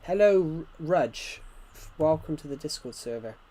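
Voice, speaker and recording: A man's voice: on the high side, lively intonation, unhurried, warm tone. A man streaming gameplay live, rambling chattily and answering chat messages, his nose bothered by hay fever.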